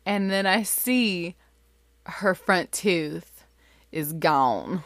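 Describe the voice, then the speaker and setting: A woman in her thirties, a mother, telling a family story in an animated, chatty way with lots of fillers. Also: deep voice, slow, no echo, clean studio sound. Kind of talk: casual storytelling.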